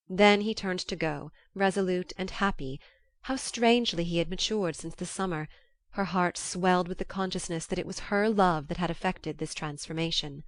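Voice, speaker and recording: A woman narrating a classic novel as an audiobook in a measured, even storytelling manner, close to the mic. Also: on the low side, dry recording.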